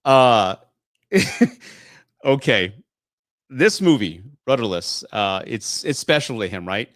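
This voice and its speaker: A man's voice: mid-range voice, big pitch swings, takes it slowly, no echo, clean studio sound. A man in his late forties from Texas, hosting a casual live stream Q&A, swearing freely and laughing often. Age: 40s. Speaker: host.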